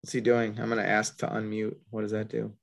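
A man's voice: lowish voice, monotone, fairly quick, vocal fry. A man hosting a podcast in casual chat, laughing easily and wrapping up the episode. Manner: laughs easily, wraps up the show. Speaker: podcast host.

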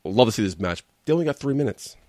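A man's voice: fairly low pitch, animated, fast, noisy background. A man hosting a wrestling recap show, giving a blunt, sarcastic and exasperated opinion rant in a casual way. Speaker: wrestling commentary host.

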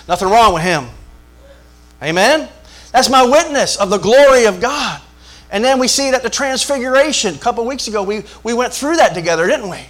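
High-voiced preacher calling for amens. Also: male voice, lively intonation, moderate pace, pauses often, fairly bright tone. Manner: emphatic call-and-response preaching, repetitive, joking. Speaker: pastor. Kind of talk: sermon.

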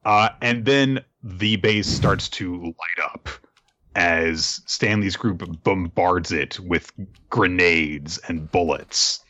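Man, podcast host, very deep voice, casual, laughing, dull lo-fi, dry sound. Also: slow pace, pushed and bright, dry recording. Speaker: podcast host recapping a manga. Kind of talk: casual chat.

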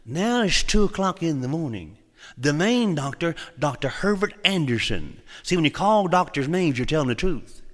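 Folksy preacher in a reverberant hall. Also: male voice, fairly high pitch, sing-song, normal speed, fairly bright tone. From Oklahoma. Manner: folksy, humorous, dramatic storyteller. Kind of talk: sermon testimony storytelling.

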